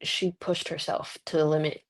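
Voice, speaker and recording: A woman's voice: deep voice, normal speed. A young woman wrestler in a casual interview, telling stories with quoted voices and frequent laughter. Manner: laughs often, animated storytelling with voiced quotes. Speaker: guest wrestler. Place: Mexico.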